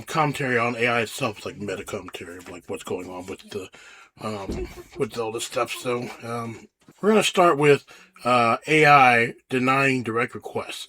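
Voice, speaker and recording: A man's voice: medium pitch, bright, forceful tone. A man co-hosting a podcast, chatting casually and rambling, trailing off with fillers. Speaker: podcast co-host. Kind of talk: casual chat.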